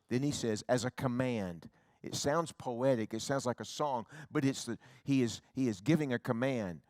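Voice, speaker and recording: A middle-aged man, an evangelist, preaching a revival sermon that moves from hushed, tender storytelling to loud, rising appeals. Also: medium pitch, moderate pace, no echo, studio quality.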